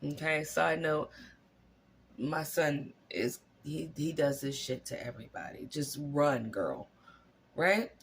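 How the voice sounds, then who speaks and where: A host delivering an animated, profane storytelling commentary, full of rhetorical questions. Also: mid-range voice, slow pace, slight background noise. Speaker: channel host.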